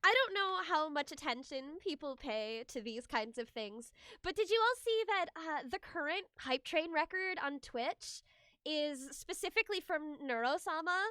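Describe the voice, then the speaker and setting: A woman's voice: sits high, bright, forceful tone, no room sound, clean studio sound. A young woman streaming a game, chatting casually with her viewers and giggling often as she gushes her thanks.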